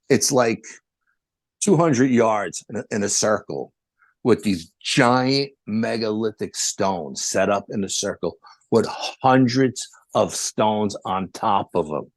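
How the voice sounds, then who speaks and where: Low-voiced man telling a rambling story. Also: a little slow, no echo. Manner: rambling, animated retelling with quoted dialogue. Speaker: podcast guest. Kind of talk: casual storytelling.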